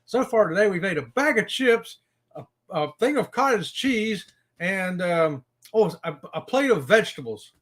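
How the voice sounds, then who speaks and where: A man co-hosting a casual live stream, greeting viewers in the chat and talking in a lively way. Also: high-pitched, normal speed. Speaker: co-host of cruise live stream.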